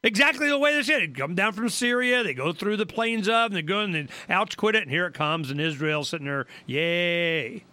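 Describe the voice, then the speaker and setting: High, bright-voiced rambling male host. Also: fast talker, hardly any pauses, no room sound. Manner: rambling, animated, colloquial. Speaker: radio talk show host. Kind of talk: casual political talk radio.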